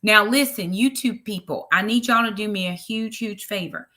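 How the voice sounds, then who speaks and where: A woman's voice: mid-range voice, moderate pace, pushed and bright. A woman with a Southern US accent hosting a ministry livestream, chatting casually and greeting viewers by name. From Brooklyn, New York.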